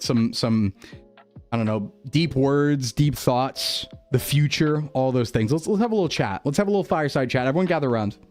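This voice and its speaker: A man's voice: medium pitch, a little mellow. A young man streaming as a VTuber, chatting reflectively and rambling, repeating phrases and laughing often. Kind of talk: reflective casual stream chat.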